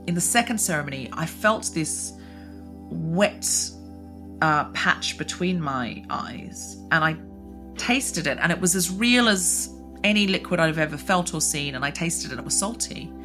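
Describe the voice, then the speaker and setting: A woman podcast host telling a personal story in earnest, halting chat. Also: sits low, lively intonation, over music. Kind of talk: casual chat.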